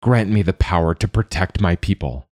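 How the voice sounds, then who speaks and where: A man's voice: low voice, expressive, moderate pace, darkish tone, dry recording, studio quality. A man doing a proud young warrior pleading. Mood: solemn. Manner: raised, strained pleading.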